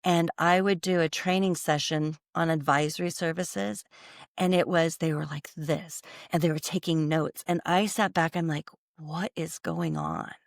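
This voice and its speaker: Brief: American woman CEO, interview guest, earnest storyteller, gravelly fry, dry close sound. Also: deep voice, fairly even intonation, moderate pace, no echo. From United States. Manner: earnest, tells stories with quoted dialogue, frequent restarts. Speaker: company CEO, podcast guest.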